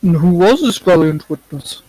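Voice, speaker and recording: Lady doing a gruff old judge w a huge beard, low muffled voice, slow formal courtroom talk. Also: animated, dark tone, lightly acted. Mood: stern.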